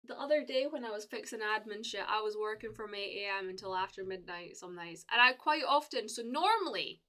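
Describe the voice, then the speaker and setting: A woman's voice: medium pitch, animated, fairly quick, pushed and bright. A young woman from the UK chatting casually with viewers on a live stream, rambling with lots of fillers and restarts.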